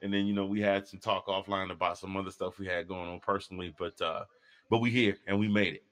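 Jokey, animated male podcast host. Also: low voice, fast. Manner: jokey, animated, talkative, laughs often. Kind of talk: casual chat.

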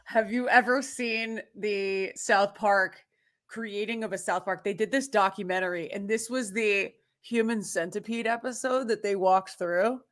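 A woman's voice: mid-range voice, measured pace. A woman hosting a podcast, chatty and steering the conversation. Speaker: podcast host. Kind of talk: casual podcast chat.

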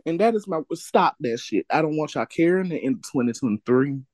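A man's voice: fairly high pitch, expressive, fairly quick, a little mellow, no echo. A man co-hosting a casual group chat, joking and riffing. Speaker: podcast co-host.

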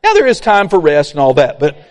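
A man preaching a sermon, folksy and animated, acting out complainers. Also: a little high, brisk. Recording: long hall reverb.

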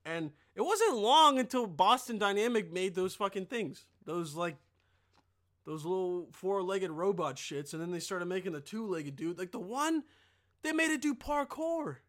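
A young man with a high, bright voice delivers a casual comedic rant. He talks like a podcast host, rambling and swearing freely, and breaks into loud, animated impressions. His tone is sharp and forceful. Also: moderate pace. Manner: rambling, profane, full of filler; animated, bursts into yelled impressions.

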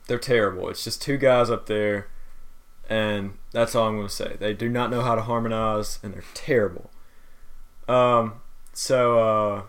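A man's voice: on the low side, fairly bright tone. A young man co-hosting a podcast, telling a work story in casual chat and acting out customers in quotes. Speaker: podcast co-host.

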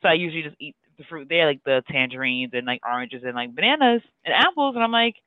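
Podcast co-host, man, higher voice, rambling casual talker, dry and phone-thin audio. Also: animated, fast talker, no echo. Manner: rambling, filler-heavy, breaks into sung lines. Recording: tinny phone-like sound.

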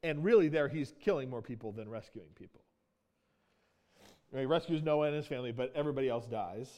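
A man's voice: mid-range voice, fairly quick, dark tone. A man preaching a sermon as pastor, teaching in a conversational way, often asking "right?" and acting out quoted lines.

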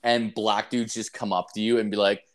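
A man's voice: on the low side, little pitch movement, moderate pace. A young man from Canada telling crude stories in casual chat, rambling and swearing, with lots of fillers. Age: young adult. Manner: rambling, profane storytelling with many fillers.

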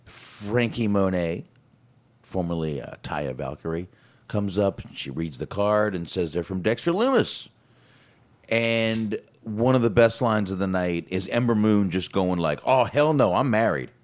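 Deep, lively-voiced man recapping wrestling. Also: a little slow. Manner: animated, laughing, swearing freely. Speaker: podcast co-host. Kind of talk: casual wrestling recap chat.

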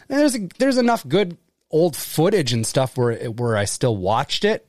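A man's voice: a little high, animated, moderate pace, a little mellow, no echo, studio quality. A man co-hosting a podcast, chatting casually and animatedly, swearing freely with lots of fillers. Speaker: podcast co-host. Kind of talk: casual chat.

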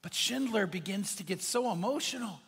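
A man's voice: lively intonation, normal speed, vocal fry, a bit bright, breathy edge, big-room sound. A man preaching a sermon as pastor, his voice swinging up and down for emphasis. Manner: impassioned preaching, pitch and volume swinging for emphasis.

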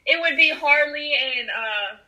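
A woman's voice: high-pitched, a little slow, pushed and bright. A woman co-hosting a casual podcast chat, playful and full of exclamations. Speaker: podcast co-host.

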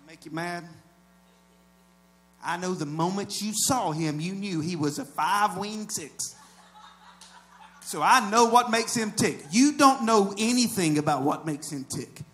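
Preaching to his flock in a chatty manner, this pastor moves between hushed asides and booming, shouted high points. He sounds expressive, keeps a measured pace, and leaves long pauses.

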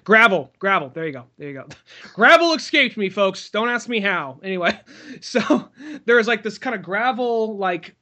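Podcast co-host, male, high-pitched, rambling storyteller who loses words and swears. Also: animated, normal speed, sharp tone. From California. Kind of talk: casual chat.

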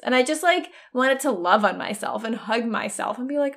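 A woman's voice: a little high, expressive, normal speed, vocal fry, few pauses, fairly bright tone. A woman in her thirties telling a personal story in a casual, candid way, full of "like" fillers and the odd swear word. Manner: chatty, frequent "like" fillers, candid with swearing and laughs.

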